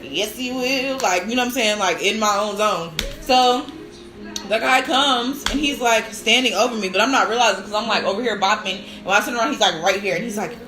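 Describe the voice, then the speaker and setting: A woman's voice: mid-range voice, fairly quick, roomy sound, music in the background, low-quality recording. A woman hosting a casual live stream, telling chatty stories full of "like" and bursts of laughter. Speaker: live-stream host and new lactation counselor.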